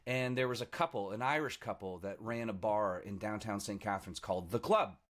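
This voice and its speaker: A man in his forties from the Niagara region, a guest musician telling stories in a lively, self-mocking way on a casual podcast. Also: fairly low pitch, a little fast. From Niagara region, Canada. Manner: animated, self-mocking storyteller with laughs.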